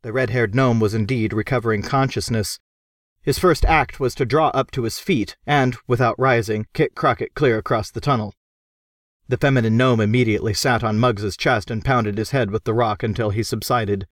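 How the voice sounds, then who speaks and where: A man with a mid-range voice narrates an audiobook at normal speed, telling the story in a lively, expressive way. The recording is dry and studio quality.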